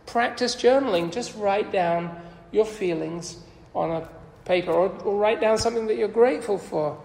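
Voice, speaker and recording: A man preaching a sermon, his voice sitting high and lifting further when he quotes scripture. He talks in an earnest, conversational way. The recording is roomy, with a long reverb from the church hall. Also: normal speed, vocal fry, a little mellow.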